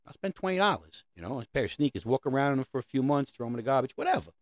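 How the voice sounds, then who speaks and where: A middle-aged man riffs through a comedic monologue in a sarcastic, rambling, conversational way. His pitch swings widely as he talks. The recording is dry and close. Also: sing-song, very fast, dry recording. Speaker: comedic host.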